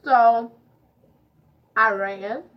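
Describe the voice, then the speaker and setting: A woman's voice: a little high, fairly even intonation, extremely slow. A teenage girl telling a storytime vlog, chatty and full of fillers as she retells it. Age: teens. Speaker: vlogger. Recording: dull lo-fi audio.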